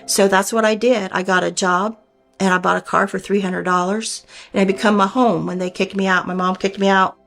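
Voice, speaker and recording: A woman's voice: medium pitch, fairly even intonation, fairly quick, gravelly, a bit bright, faint music behind. Earnest older woman telling her story. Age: 60s. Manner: earnest, heartfelt, re-enacts her own words and others' words. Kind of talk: personal testimony.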